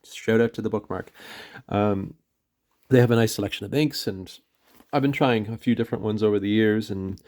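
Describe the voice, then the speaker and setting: A Canadian man talks through an ink review in a loose, meandering way, stopping often with "um" and correcting himself. His voice sits a little low and carries a gravelly, creaky edge. He sounds unhurried and chatty. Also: a little mellow. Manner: rambling, hesitant, many fillers and self-corrections. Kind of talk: casual vlog review.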